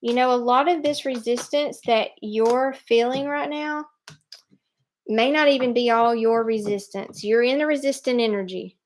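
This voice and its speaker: A woman giving a live tarot reading, speaking in an animated, emphatic way and laughing often. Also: on the high side. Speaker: tarot reader.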